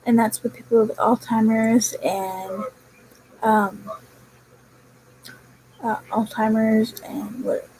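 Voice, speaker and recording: A woman's voice: on the high side, flat delivery, slow pace, long pauses, dark tone, slight background noise, rough recording. A young woman chatting casually on her vlog, telling a rambling story about her work. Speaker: vlogger. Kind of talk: casual chat.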